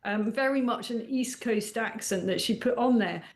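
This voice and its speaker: A woman journalist with an English accent who grew up in Scotland, chatting as a radio guest with quick retorts. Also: on the high side. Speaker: journalist and international editor. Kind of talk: radio chat as studio guest.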